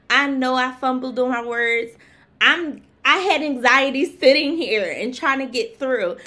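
A woman guest in a casual interview, speaking earnestly and haltingly with many fillers, emotional and grateful. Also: sits high, sharp tone. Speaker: guest, herbal tea maker. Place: live-streamed talk show.

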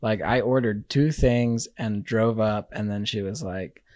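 A man chatting casually as a podcast co-host, wry and relaxed, wandering into loose asides. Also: on the low side, measured pace, no echo, clean studio sound. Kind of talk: casual chat.

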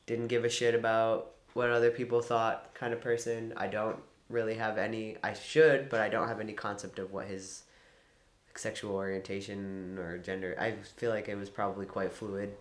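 A woman's voice: very deep voice, little pitch movement, moderate pace. A woman co-hosting a casual podcast chat, laid-back, swearing freely and laughing often. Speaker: podcast co-host. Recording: roomy echo.

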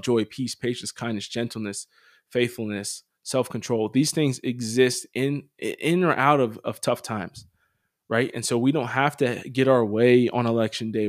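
A man talks in a blunt, opinionated way on his commentary podcast, swearing now and then before turning to earnest encouragement. His voice sits at an ordinary middle pitch. The sound is dry and close, with no room echo. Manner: earnest and exhorting. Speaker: podcast host.

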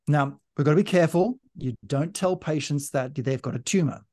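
A man with a slightly raised pitch hosts a relaxed podcast. He explains body problems with everyday examples in a light, playful, teacherly way. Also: a little fast. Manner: playful, teaching, loves doing voices. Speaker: podcast host, manual therapist. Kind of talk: casual podcast chat.

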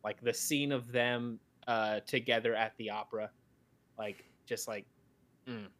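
A man in mid-range pitch talking casually on a podcast. He rambles, restarting sentences and stacking fillers as he works out his thoughts. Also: level tone, unhurried, fairly bright tone. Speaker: podcast co-host. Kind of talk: casual chat.

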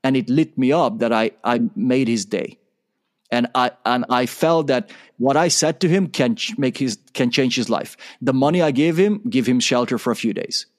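A man's voice: medium pitch, moderate pace. A man guesting on an interview show tells a story with energy. He acts out the conversation, switching between his own lines and the other person's.

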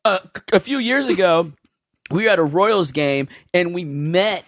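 A man's voice: sits high, normal speed, no room sound, clean studio sound. A man hosting a podcast in casual banter, telling stories with lots of laughs and swearing freely. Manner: animated storyteller, laughs often, slips into impressions. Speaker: podcast host.

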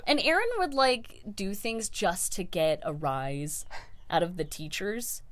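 A young woman co-hosting a podcast, telling a story in casual chat, animated and laughing as she acts out what people said. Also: lowish voice, unhurried, a little hiss or hum. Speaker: podcast co-host.

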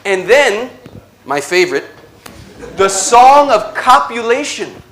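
A man giving an inspirational religious talk, telling stories slowly with dramatic pauses and a playful, animated delivery. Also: very high-pitched. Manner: slow dramatic storytelling with pauses. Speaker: Catholic speaker.

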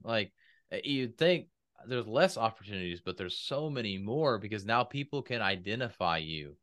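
A man's voice: on the low side, lively intonation, normal speed, fairly bright tone. A man talking casually in a podcast conversation about speaking and business, and he acts out quoted voices.

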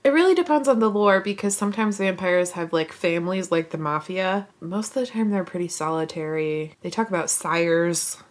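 A woman's voice: lowish voice, moderate pace, hardly any pauses. A woman co-hosting a podcast, chatting casually and offering facts she looks up. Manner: informative, fact-checking. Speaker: podcast co-host. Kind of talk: casual chat.

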